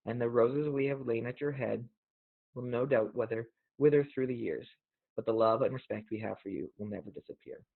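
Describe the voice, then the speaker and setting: A man hosting a show, talking casually in an earnest, reflective way and reading poems aloud, gently emotional. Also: mid-range voice, a little fast, vocal fry. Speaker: podcast host. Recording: tinny phone-like audio.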